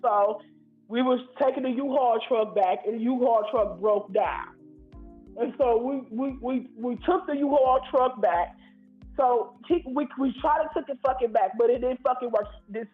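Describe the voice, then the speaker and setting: A man from Ohio calls in and rants in a heated, profane, rambling way. His voice sits very high. It comes through a tinny, echoey phone line. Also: moderate pace, faint music behind. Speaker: caller. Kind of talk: angry call-in rant. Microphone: phone call.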